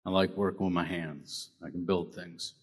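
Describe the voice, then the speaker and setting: A man's voice: deep voice, steady tone, moderate pace, husky. A man volunteering from the audience, giving brief, plain answers. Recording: distant voice in a long-reverb hall.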